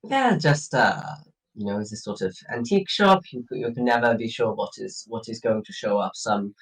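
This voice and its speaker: A man's voice: on the low side, animated, moderate pace, fairly bright tone, low-quality recording. A man playing a tabletop game, talking hesitantly with many fillers. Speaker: player. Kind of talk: casual game chat.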